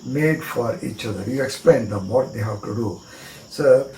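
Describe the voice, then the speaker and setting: A man with an Indian English accent walks through a card trick, spelling words out one letter at a time and chanting phrases in rhythm. His voice is mellow and warm. The room is echoey, with faint cricket chirps behind him. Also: medium pitch, moderate pace, a little hiss or hum. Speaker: magic teacher.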